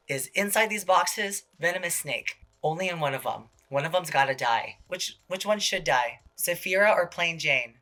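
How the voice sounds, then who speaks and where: A man hosting a casual TV recap, gossipy and full of swearing, jumping into quick impressions. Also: fairly high pitch, sharp tone. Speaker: show host.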